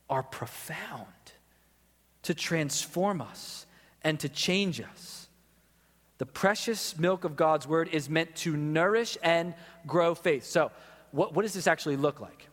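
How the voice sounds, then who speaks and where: A man preaching a sermon as a pastor, earnest and emphatic, slowing on key words and repeating questions. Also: fairly high pitch, lively intonation, a bit bright, long reverb tail.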